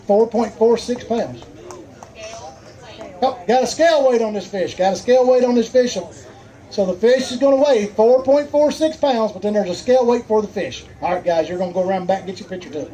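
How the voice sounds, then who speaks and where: A man's voice: high voice, a little fast, mellow, poor audio. A man with a Southern US accent emceeing a live outdoor fishing tournament weigh-in, with folksy, joking crowd banter.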